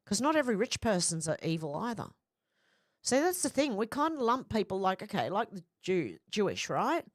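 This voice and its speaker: A woman's voice: mid-range voice, big pitch swings, normal speed, dry recording, studio quality. A woman hosting a casual live stream, reading out viewer comments and rambling in a chatty way. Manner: chatty, rambling, laughs easily.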